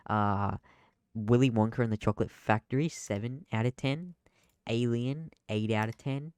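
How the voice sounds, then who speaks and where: A man's voice: mid-range voice, normal speed, darkish tone, smooth, no echo. A young man co-hosting a casual podcast from his room, jumpy and joking as he reads out scores. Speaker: podcast co-host. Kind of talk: casual chat.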